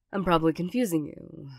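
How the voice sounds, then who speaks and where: Woman voicing a flustered young girlfriend who talks tough but loves deeply, hesitant and a little low, for a slow whispered role-play. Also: creaky, a little mellow, dry recording, clean studio sound, full character voice. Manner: hesitant and stammering, with nervous little laughs. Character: awkward tsundere young girlfriend, gruff but loving. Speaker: ASMR role-play performer.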